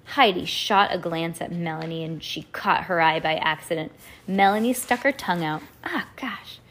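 A woman's voice: on the low side, moderate pace, a bit bright. A woman reading a children's storybook aloud to her child at home, stopping to chat along the way.

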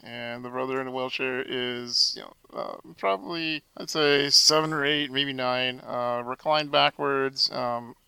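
Bright, gravelly-voiced man telling a story. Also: mid-range voice, measured pace, hardly any pauses, no room sound, low-quality recording. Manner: animated, acts out quoted dialogue. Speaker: podcast guest. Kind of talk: casual storytelling.

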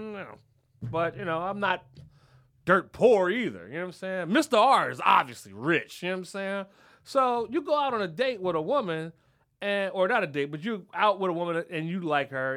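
A man hosting a podcast, telling a profane story in a casual way and acting out the people in it. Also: sits high. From Philadelphia. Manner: profane, animated, acts out the people in his story. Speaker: podcast host.

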